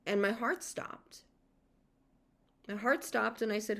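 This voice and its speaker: A middle-aged woman who is a caregiver and podcast host tells a personal story in an emotional monologue. Her voice is fairly high and a bit bright, and she takes it slowly while venting with heated outbursts and plenty of swearing.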